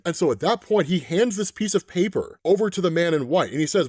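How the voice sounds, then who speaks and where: Male comic recap narrator, casual, animated pitch, dry close sound. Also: a little fast, slightly rough, no room sound. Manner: casual, with frequent "right?" and "like".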